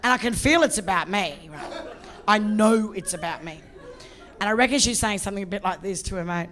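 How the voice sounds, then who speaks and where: Brief: middle-aged Australian woman comic, bold and profane, lively stage storytelling. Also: medium pitch, a little fast, a faint crowd. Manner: brash, profane, animated storytelling. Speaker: stand-up comedian. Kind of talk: stand-up comedy storytelling.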